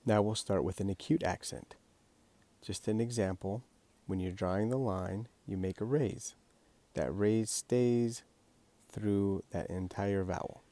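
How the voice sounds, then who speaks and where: A man with a very deep, low-pitched voice teaches a language lesson. He walks through each step of the exercise patiently and plainly, like a teacher at a whiteboard. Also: fairly even intonation, unhurried, warm tone, no room sound. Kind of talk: instructional explanation.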